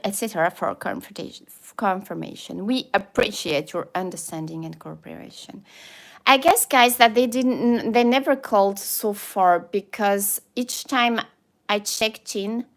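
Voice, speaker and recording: A woman with a French accent chatting casually on a livestream, reading a form aloud with playful asides and frequent laughter. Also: mid-range voice. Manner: reads forms aloud with playful asides, slips into French interjections, laughs often. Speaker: YouTuber.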